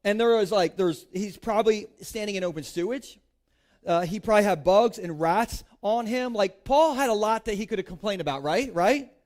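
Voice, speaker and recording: High-voiced joking young pastor. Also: male voice, moderate pace, a little mellow. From Delaware, United States. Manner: chatty, peppers speech with "like", playful asides. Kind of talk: casual joking sermon. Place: church stage before a congregation.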